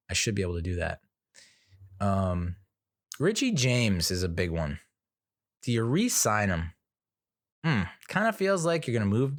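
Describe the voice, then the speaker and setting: A man's voice: on the low side, no room sound, clean studio sound. A man hosting a sports podcast, talking frankly in a casual, rambling monologue with frequent fillers and restarts.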